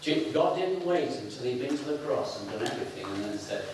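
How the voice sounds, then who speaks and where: A middle-aged man from the north of England with a Northern English accent, preaching an animated, playful sermon to a congregation. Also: medium pitch, fairly quick, noisy background. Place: church hall. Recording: very echoey hall, picked up from a distance.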